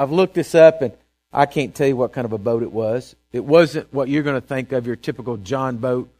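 A man, preaching a sermon as a pastor. He tells the story in a casual, conversational way, stammering through restarts and often checking in with "right?" and "okay?". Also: mid-range voice.

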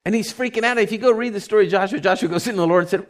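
A man preaching a conversational sermon, folksy and animated, telling stories and acting out voices. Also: sits high, very fast. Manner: animated storytelling, acts out voices.

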